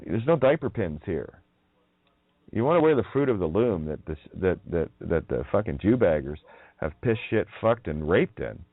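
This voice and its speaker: A man's voice: low-pitched, very animated, moderate pace, dry recording. A man hosting a radio show, delivering a rambling, profane monologue in a mocking manner, chuckling between sing-song wordplay. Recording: tinny phone-like audio.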